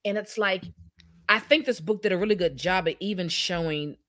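A woman discussing a novel on a casual live book club podcast, agreeable and quick to chime in. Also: on the low side, a bit bright. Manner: agreeable, often chiming in with "yeah" and "mm-hmm".

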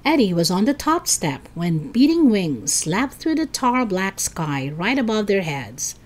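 A woman storyteller reading a children's chapter book aloud in an expressive, dramatic way. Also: mid-range voice, measured pace.

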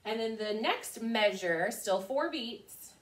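A woman's voice: on the high side, animated, slow. A woman teaching children a music lesson, cheerfully chanting rhythm syllables. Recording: echoey room, mic far off.

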